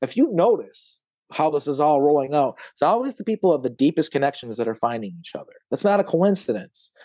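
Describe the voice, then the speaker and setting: A man's voice: a little high, very animated, fairly quick, mellow, dry recording. A man on a podcast talking emotionally and rambling with many fillers, near tears, swearing at times. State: close to tears. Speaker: podcast guest. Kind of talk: emotional conversation.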